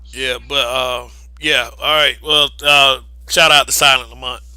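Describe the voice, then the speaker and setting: A man's voice: mid-range voice, fairly even intonation, unhurried, pushed and bright, no echo, rough recording. A man co-hosting a casual podcast discussion, talking emphatically with frequent restarts. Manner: emphatic, many restarts, laughs between points. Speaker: podcast co-host.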